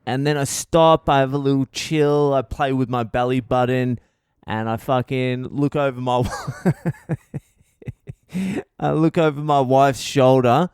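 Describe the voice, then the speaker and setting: A male comedian rambles through a self-mocking story on his podcast, swearing constantly. His voice is smooth and clear at an everyday pitch. The recording is dry, with no room sound. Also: darkish tone, no echo. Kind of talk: comic storytelling monologue.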